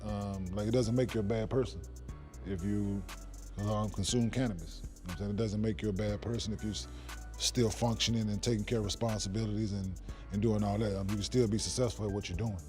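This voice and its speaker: Man, low voice, earnest and measured, panel talk, faint music behind. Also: steady tone, darkish tone. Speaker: former NBA player guest.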